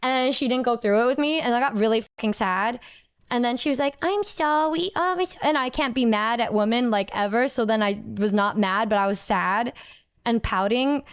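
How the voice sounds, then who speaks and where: A woman's voice: fairly high pitch, moderate pace, clear, resonant tone. A young woman in her twenties chatting casually with her stream viewers, bubbly and rambling, repeating words as she goes.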